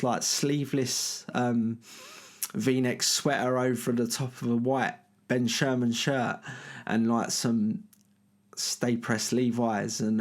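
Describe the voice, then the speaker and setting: A middle-aged man, telling a rambling anecdote full of fillers and restarts. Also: medium pitch. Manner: rambling, filler-heavy, lots of "you know what I mean". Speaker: storyteller. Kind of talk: casual anecdote.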